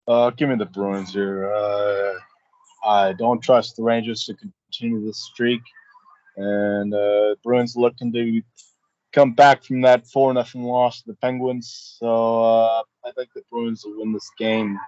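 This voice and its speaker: A man's voice: mid-range voice, flat delivery, measured pace, a little mellow, dry recording. A man co-hosting a casual betting podcast, blunt and profane. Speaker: podcast co-host. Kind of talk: casual sports betting chat. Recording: dry, dull lo-fi sound.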